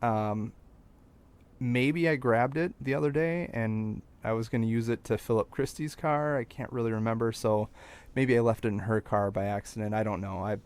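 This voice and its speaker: A young man with a mid-pitched voice chats in an easygoing, unscripted way. He tells his story at a relaxed clip, wandering between asides and starting sentences over. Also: normal speed, clear, resonant tone. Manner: relaxed, rambling, with filler words and restarts. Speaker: podcast co-host telling a story. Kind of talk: casual storytelling chat.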